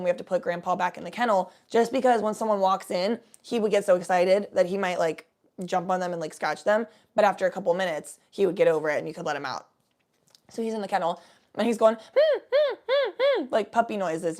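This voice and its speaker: A woman's voice: medium pitch, fairly quick, darkish tone. A young woman telling rambling, profane stories in a laid-back, casual chat with the odd cough. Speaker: vlogger.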